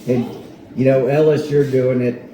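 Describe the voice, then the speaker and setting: A man giving a slow, heartfelt tribute at a gathering, with many repeated words. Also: mid-range voice, fairly even intonation, mellow. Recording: echoey room, faint noise.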